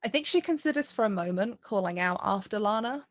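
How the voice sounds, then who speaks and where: A woman's voice: mid-range voice, animated, fairly quick, no room sound, clean studio sound. A woman playing her character in a tabletop game, thoughtfully describing the character's feelings and actions. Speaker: player.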